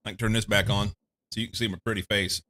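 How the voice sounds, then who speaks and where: A man from the United States streaming a game, thinking aloud in casual commentary, a little congested and quick to laugh. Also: on the low side, flat delivery, bright, forceful tone. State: slightly congested.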